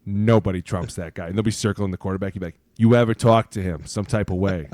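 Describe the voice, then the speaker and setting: Animated former lineman telling stories. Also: low-pitched, quick pace, no echo. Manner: animated storyteller, acts out quotes, says "right?" a lot. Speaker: podcast guest, former NFL offensive lineman. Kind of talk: casual sports chat.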